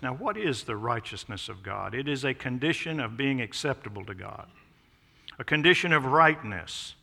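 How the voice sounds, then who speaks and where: A man preaching a sermon as pastor of a church, emphatic, swelling loud on key phrases and dropping low on others. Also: vocal fry, long reverb tail. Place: church sanctuary.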